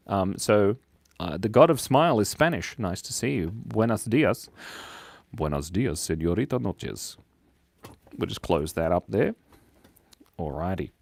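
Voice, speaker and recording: A man's voice: lowish voice, no echo. A man hosting a live drawing stream, chatting playfully and reading out viewers' comments as he draws. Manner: playful, silly, reads chat aloud. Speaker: drawing livestream host.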